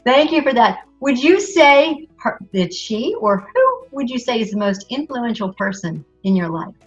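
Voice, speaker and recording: A woman's voice: fairly high pitch, lively intonation, normal speed, soft background music. Encouraging woman host, dull sound. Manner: warm, encouraging, repeats praise. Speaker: talk show host. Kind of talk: interviewing a guest.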